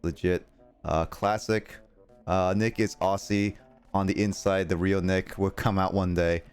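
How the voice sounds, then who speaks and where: A young man with a fairly low voice chats loosely through a game stream. He rambles, reads viewer messages out loud and laughs often. Faint game music plays under him. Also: flat delivery, unhurried, clean tone. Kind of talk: casual live-stream chat while gaming.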